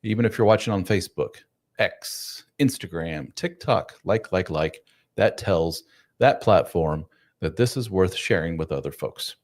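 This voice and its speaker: Chatty low-voiced man hosting a live stream. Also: animated, measured pace. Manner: loose, chatty, self-deprecating, addresses viewers directly. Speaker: live stream host, men's coach. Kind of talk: casual live stream chat. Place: home room.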